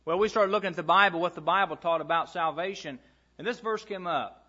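A man's voice: high-pitched, brisk, pushed and bright, breathy edge, dull audio. A man preaching a sermon to a congregation, reading scripture aloud and telling stories from his own ministry. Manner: storytelling, reads scripture aloud.

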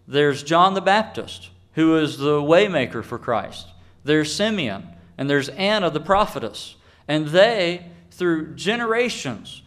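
A man preaching a sermon in an emphatic way, slowing down to stress key phrases. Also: on the high side, a bit bright. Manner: emphatic, with deliberate slowed phrases.

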